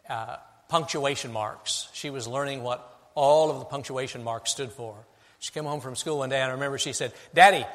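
A middle-aged man, a pastor preaching a sermon, moving between hushed, intimate passages and emphatic, rising declarations. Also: medium pitch. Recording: long hall reverb.

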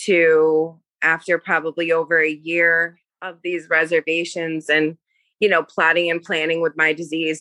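A woman's voice: deep voice, completely flat delivery, unhurried, bright, forceful tone, no echo. A woman in her thirties, a podcast guest telling her personal recovery story in an earnest, confessional way. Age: 30s.

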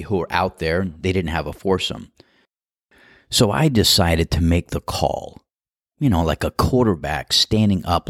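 A middle-aged man, a podcast host, telling a relaxed, chatty, amused story as a golf course starter. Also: low-pitched, no room sound, studio quality. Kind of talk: storytelling monologue.

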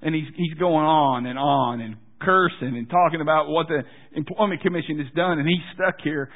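A male pastor telling a story in a sermon, casual and self-deprecating, with halting restarts. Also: on the high side. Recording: tinny phone-like sound.

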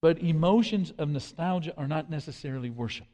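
A man's voice: on the high side, a little fast, warm tone. A man preaching a sermon with earnest emphasis, quoting scripture and often repeating his words. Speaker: pastor. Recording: long hall reverb.

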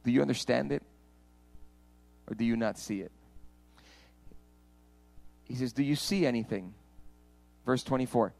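A man preaching a sermon as pastor, swinging from hushed pleading to loud, passionate declarations. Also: mid-range voice, measured pace, creaky, long pauses, soft background music, low-quality recording.

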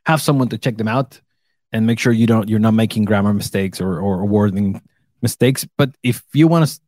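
A man in his thirties, an English speaker, chatting casually as co-host, relaxed and laughing often. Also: fairly low pitch, brisk, dry recording. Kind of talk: casual chat.

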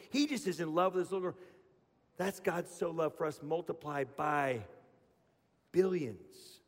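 High-voiced animated male pastor. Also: creaky, in a large hall. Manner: animated storyteller, acts out voices. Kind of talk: sermon.

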